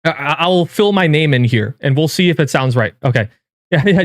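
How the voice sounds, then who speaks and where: A man streaming live, reacting in casual commentary with incredulous, swearing outbursts that jump up in pitch. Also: lively intonation, fairly quick, no echo, clean studio sound. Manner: incredulous, swearing, rising to yelps of disbelief. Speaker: game streamer and YouTuber.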